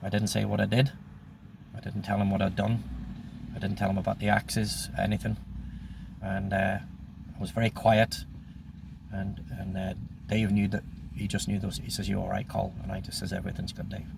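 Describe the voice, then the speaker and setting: Gravelly low older guy, flat delivery, swears a lot, faint hiss behind. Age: 60s. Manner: blunt, profane and intense, with halting restarts. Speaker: storyteller recounting his life. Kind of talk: personal storytelling monologue.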